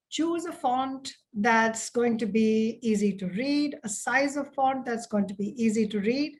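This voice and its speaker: A middle-aged woman, an educator with international experience, giving a measured lecture on application documents to students. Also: a little high. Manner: measured, explanatory, addresses students directly. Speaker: educator and admissions coach. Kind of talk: webinar lecture.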